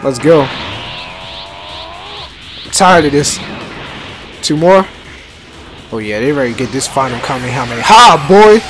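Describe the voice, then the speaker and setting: A young man giving excited, slangy let's-play commentary and talking back to the game. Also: mid-range voice, measured pace, long pauses, over music. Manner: hyped, slangy, talks back to the game, many restarts. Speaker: gaming YouTuber.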